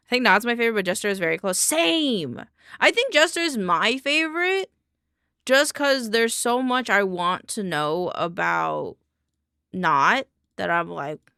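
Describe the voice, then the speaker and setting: A woman's voice: mid-range voice, lively intonation, a little slow, creaky, bright, forceful tone, clear, resonant tone, no echo, clean studio sound. A young woman with a Southern accent, rambling goofily to her chat while streaming. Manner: goofy, rambling, talks to chat. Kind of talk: casual live-stream chat.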